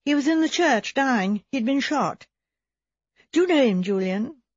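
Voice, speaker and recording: A woman's voice: high-pitched, animated, a little slow, no room sound, voice pushed up. A woman voicing a practical young vicar's wife who speaks tersely and asks direct questions. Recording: slightly dull recording.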